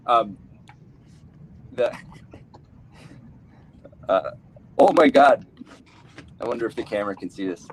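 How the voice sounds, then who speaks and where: A man's voice: mid-range voice, huge pitch swings, slow pace, pauses often, fairly bright tone, a little hiss or hum, poor audio. Rambling Midwestern man doing stand-up. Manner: rambling, self-interrupting, laughs at own jokes. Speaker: stand-up comedian. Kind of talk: live stand-up set.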